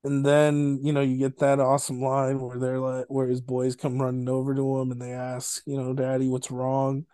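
A man's voice: medium pitch, completely flat delivery, normal speed, hardly any pauses, dark tone, smooth, no room sound. A man co-hosting a podcast, casually and animatedly retelling a film's scenes, laughing and swearing now and then. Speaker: podcast co-host. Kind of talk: casual film review chat.

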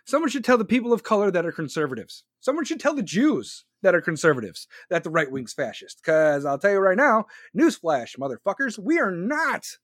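A man's voice: sits high, very animated, a little fast, hardly any pauses, fairly bright tone, no room sound, clean studio sound. A man hosting a podcast, delivering a sarcastic, profanity-laced political rant. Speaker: podcast host.

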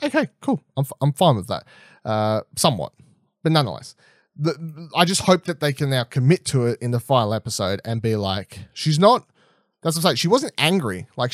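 A young man chatting casually as a podcast co-host, rambling and animated, swearing freely and restarting often. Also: medium pitch, no echo, studio quality. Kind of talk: casual chat, TV episode predictions.

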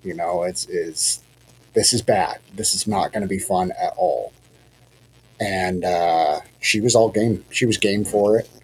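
A man with a low, deep voice tells a hunting story in a loose, rambling way. He second-guesses himself and fills his talk with "you know" and "um". A faint hiss sits under the recording. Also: a little slow, darkish tone, poor audio. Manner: rambling, self-deprecating, many fillers and restarts. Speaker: hunting guide telling a hunt story. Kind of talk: casual storytelling on a podcast.

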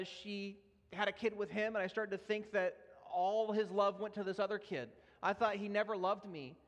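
High-voiced young preacher in a reverberant hall. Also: male voice, a bit bright. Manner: earnest storytelling, laughs at himself. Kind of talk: sermon with personal testimony. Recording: long reverb of a large hall.

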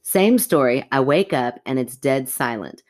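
A woman co-hosting a podcast, reading a listener's story aloud in an animated, chatty way and breaking off to react. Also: very deep voice, measured pace. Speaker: podcast co-host.

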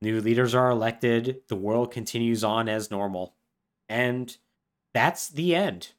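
A man co-hosting a podcast, casually retelling a game's plot and slipping into quick voices for the characters. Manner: animated, lively pitch, puts on brief voices for characters. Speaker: podcast co-host.

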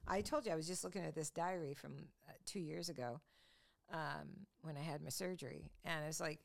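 Middle-aged woman co-host, low-pitched, rambling chatty storyteller who pokes fun at herself. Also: fairly quick, gravelly. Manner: chatty storyteller, self-mocking, laughs often. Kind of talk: casual chat.

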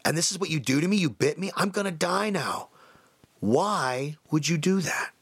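A man's voice: expressive, moderate pace, a bit bright, husky, no echo, exaggerated voice. A man voicing an old woman in a told story, who pleads in a raised, bewildered voice. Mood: pleading, bewildered. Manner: pleading, pitched up.

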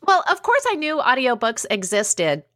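A middle-aged woman co-hosting a podcast, telling stories in a chatty, animated way with frequent fillers. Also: sits high, normal speed, dry recording, clean studio sound. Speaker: podcast co-host. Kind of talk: casual chat.

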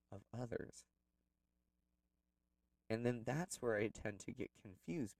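A man's voice: on the low side, gravelly, darkish tone, dry recording, far from the mic, low-quality recording. A man telling a personal story in a candid, rambling way, with plenty of fillers. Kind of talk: personal reflective monologue.

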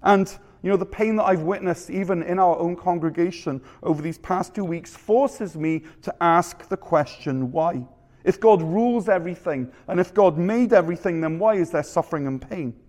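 Male pastor, slightly raised pitch, measured sermon delivery with rhetorical questions, church setting. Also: a little mellow. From Canada. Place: church sanctuary.

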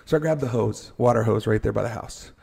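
A man telling a firefighting story in a casual podcast chat, animated and joking at his own expense. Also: fairly low pitch, brisk, creaky, breathy edge. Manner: animated, acts out his own panicked thoughts, jokes at himself.

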